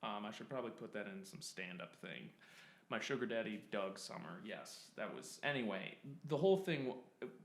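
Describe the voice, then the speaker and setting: A man's voice: fairly low pitch, expressive, moderate pace. A young man in his twenties telling a rambling personal story, stopping and restarting often and laughing at himself. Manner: self-interrupting, laughs at himself, many fillers. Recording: roomy echo.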